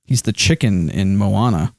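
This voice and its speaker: A man's voice: fairly low pitch, moderate pace, creaky, a little mellow, dry recording. A man streaming live, chatting casually and rambling with lots of ums and likes, speaking into a hand microphone.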